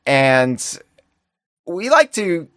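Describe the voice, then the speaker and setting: A man co-hosting a casual live-streamed podcast, chatting playfully with quick asides and rambling tangents. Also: a little high, big pitch swings, pushed and bright, smooth, dry recording, clean studio sound. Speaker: podcast co-host.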